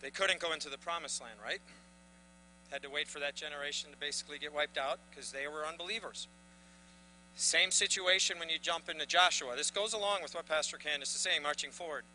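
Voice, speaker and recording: A man preaching a sermon with a high, brilliantly bright voice. His delivery swells into emphatic bursts. A faint hum sits under the recording. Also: poor audio. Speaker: pastor.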